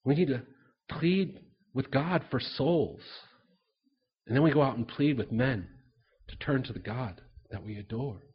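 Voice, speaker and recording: A man's voice: mid-range voice, measured pace, pauses often, slightly rough, lo-fi sound. A man preaching a sermon, telling personal stories in an earnest way, repeating words and acting out conversations. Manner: earnest storytelling, repeats words, acts out dialogue.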